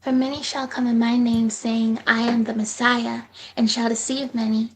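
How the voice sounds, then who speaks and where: A woman reading scripture aloud in a steady, measured way during a Bible study. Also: fairly high pitch, a little hiss or hum, poor audio. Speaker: scripture reader.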